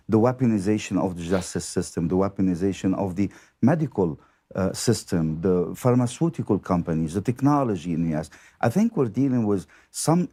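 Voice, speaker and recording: A man who is a priest, speaking in a podcast chat in a measured way, with many "uh" fillers. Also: lowish voice, dark tone. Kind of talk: casual chat.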